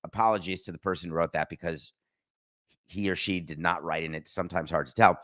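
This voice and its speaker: A middle-aged man with a lowish voice hosts a sports talk show in a loose, conversational way. He is sarcastic and animated, and he drops into mock voices to make his points. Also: fairly quick. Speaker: sports podcast host. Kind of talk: casual sports commentary.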